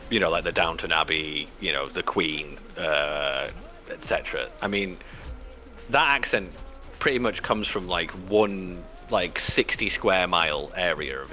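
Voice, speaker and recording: A man's voice: low-pitched, sharp tone. A man, streaming and chatting casually, rambling with lots of fillers and the odd swear. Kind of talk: casual chat.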